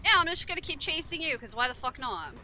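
A woman's voice: sits high, big pitch swings, quick pace, noisy background. A young woman streaming a horror game, talking to her chat with frequent swearing and frustration. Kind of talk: casual game commentary.

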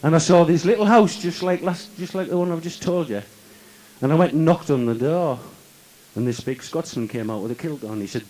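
A man's voice: medium pitch, fairly quick, a little mellow, a little hiss or hum, poor audio. A man telling comic tall tales live at a folk club, mock-sincere and insisting every word is true. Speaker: comic storyteller.

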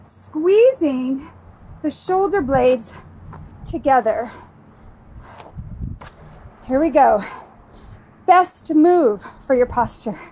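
A woman's voice: high voice, lively intonation, very slow, pauses often, a little mellow, slight background noise, low-quality recording. A woman fitness instructor leading a workout, calling out moves and countdowns in an upbeat, coaching way while she exercises along.

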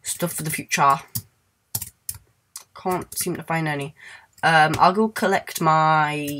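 A man chatting through his gameplay in a loose, goofy ramble. He hums little tunes, sings snatches to himself and lets out sudden high squeals. Faint keyboard clicks tick away in the background. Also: noisy background. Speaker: let's play gamer. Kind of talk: casual gameplay commentary.

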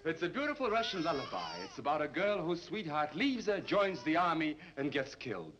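An actor playing an excitable, fussy male roommate who dabbles in astrology, theatrical with a gloomy deadpan. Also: fairly high pitch, brisk, slight background noise. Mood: wailing. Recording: dull old film soundtrack.

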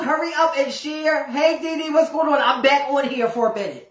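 A woman's voice: high voice, animated, normal speed, few pauses, roomy sound. A woman ranting on a livestream in a brash, profane way, repeating phrases over and over for emphasis. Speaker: live streamer. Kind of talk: unscripted livestream rant.

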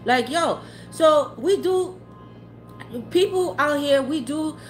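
A woman streaming tarot readings rants bluntly to her live chat, heated, profane and often laughing. Her voice is high and she takes it slowly, with faint music in the background.

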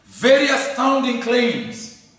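A high-pitched man teaches at an unhurried pace, stressing his points, repeating phrases and asking rhetorical questions. His voice carries from a distance through a strongly echoing hall. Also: big pitch swings, fairly bright tone. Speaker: Bible teacher. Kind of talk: teaching lecture on scripture. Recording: echoey hall from far off.

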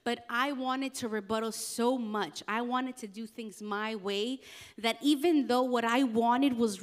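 A young adult woman, a youth pastor, preaching a casual youth sermon in a chatty, animated way with slangy asides. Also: fairly high pitch.

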